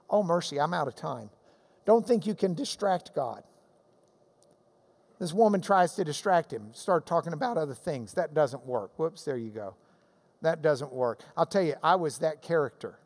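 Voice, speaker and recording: A man giving a Bible class lecture, animated and emphatic with jokey asides. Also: on the high side, moderate pace. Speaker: Bible teacher. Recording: long reverb of a large hall.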